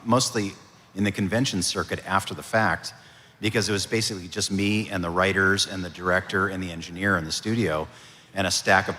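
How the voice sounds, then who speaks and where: A man, a voice actor, answering audience questions at a convention panel in a relaxed, storytelling way. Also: sits low. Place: convention hall. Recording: reverberant convention hall.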